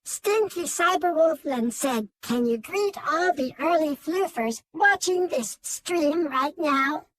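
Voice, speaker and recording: Text-to-speech voice, high, slow, synthetic, dry sound. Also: expressive, a bit bright, dry recording. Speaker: text-to-speech chat reader.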